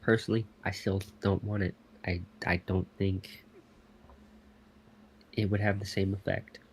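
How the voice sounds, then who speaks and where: A young man co-hosting a casual podcast chat, laid-back and making short, measured remarks. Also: sits low, flat delivery, creaky, a little hiss or hum. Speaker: podcast co-host.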